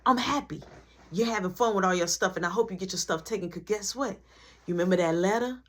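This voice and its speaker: A man's voice: high-pitched, fast, fairly bright tone. A man playing a sulky, resentful brother who threatens to tell on him. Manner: pouty and resentful. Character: sulky, tattling younger brother.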